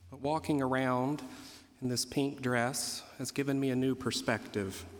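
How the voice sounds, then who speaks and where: A man, a Catholic priest, preaching a Sunday homily with a gently humorous storytelling manner. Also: medium pitch, fairly even intonation, unhurried, a little hiss or hum. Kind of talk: sermon. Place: church. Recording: reverberant church hall.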